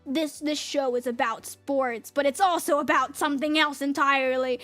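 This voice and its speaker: A woman's voice: high-pitched, fairly even intonation, moderate pace, hardly any pauses, fairly bright tone, faint music behind. An American woman in her thirties, a VTuber rambling and ranting in a casual stream, giggling often. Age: 30s.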